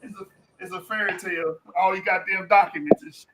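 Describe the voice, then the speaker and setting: Bright-voiced trash-talking man. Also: high voice, fairly even intonation, fairly quick, a little hiss or hum. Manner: boastful, profane, mocking with frequent laughter. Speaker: debater. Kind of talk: heated online debate trash talk.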